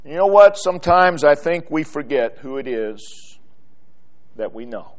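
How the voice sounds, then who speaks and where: A man preaching a sermon in a church, building from quiet, drawn-out phrases to loud, emphatic repetition. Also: on the high side, animated, lo-fi sound.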